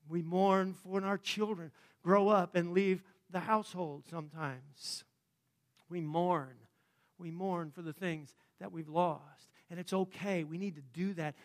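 A man preaching a sermon in a conversational way, dropping to a hush and then rising to fervent emphasis. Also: sits high. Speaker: pastor.

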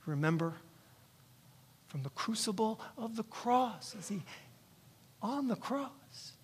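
A man's voice: high-pitched, animated, slow pace, breathy edge. A male pastor preaching a sermon in church, emphatic and repetitive, often checking in with "right?".

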